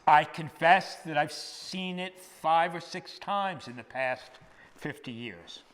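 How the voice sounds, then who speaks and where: An older man delivers a sermon at an unhurried, deliberate pace, his fairly high voice bright and forceful. He leans on key phrases and then falls to a near hush. A long church reverb trails each phrase. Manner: measured and emphatic, drops to a hush on key words. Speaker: priest preaching, former hospital chaplain. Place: church sanctuary.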